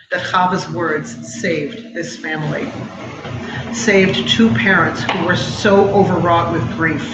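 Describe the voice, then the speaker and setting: Middle-aged woman telling a grief story in an echoey hall. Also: on the low side. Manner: measured, emotional storytelling with pauses. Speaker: speaker at a memorial event. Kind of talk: personal testimony speech. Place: live event hall. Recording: echoey hall, dull sound, noisy.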